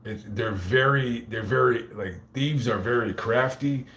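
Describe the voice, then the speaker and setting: This YouTuber has a mid-range, slightly bright voice and a measured pace, recorded with a roomy sound. He casually tells a story to camera and reads chat, swearing freely and rambling while repeatedly stammering and restarting his sentences.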